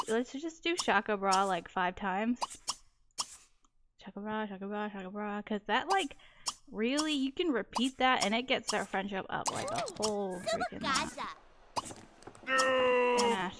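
A young woman giving excitable let's-play commentary as she urges her characters on. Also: on the high side, a little slow, pauses often, over music. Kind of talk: casual gameplay commentary. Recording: noticeable background noise.

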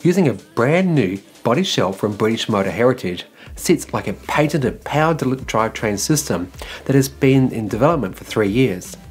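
A man's voice: mid-range voice, expressive, normal speed. A man from Australia hosting an electric car news show, reading his script in a loose, casual way and filling gaps with "like" and "well". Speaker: EV news host.

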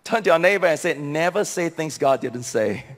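A man preaching a sermon as pastor, animated, acting out voices from Bible stories and speaking to the congregation. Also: a little high, moderate pace. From Singapore. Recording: long hall reverb.

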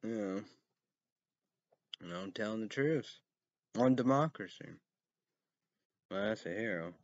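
A man reading news headlines aloud and ranting about them in a rambling, casual way, breaking into loud outbursts and cursing. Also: fairly low pitch, animated, dry recording, lo-fi sound. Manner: reads headlines slowly, then rants loudly with cursing.

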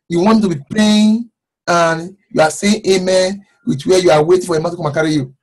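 A man, an apostle, leading fervent prayer and preaching a sermon, repeating phrases and rising to shouts. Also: high voice, fairly even intonation, a little fast. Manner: fervent, repetitive, shouting at times.

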